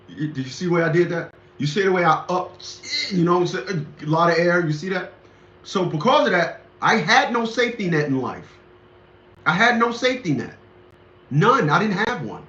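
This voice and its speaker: Middle-aged male host, preachy emphatic monologue, bright high voice, echoey lo-fi room. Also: big pitch swings, normal speed. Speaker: commentary show host. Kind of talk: casual monologue commentary.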